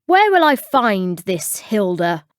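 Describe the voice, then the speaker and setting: A woman voicing a brisk, firm male football team manager in a storybook. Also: medium pitch, very animated, clear, resonant tone, dry recording, clean studio sound.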